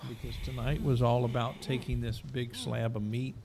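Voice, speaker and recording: A man's voice: mid-range voice, normal speed, vocal fry, a crowd in the background. A man hosting a casual panel chat over dinner, talking between bites. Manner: eating while talking, relaxed interjections. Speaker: host. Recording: faint room noise, live stream.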